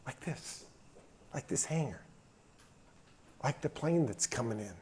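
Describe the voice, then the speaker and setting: A man's voice: mid-range voice, animated, unhurried, dark tone, a little hiss or hum. A middle-aged man speaking at an event in a hangar, telling a folksy, emphatic story in a drawling manner. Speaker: guest speaker. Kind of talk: storytelling talk.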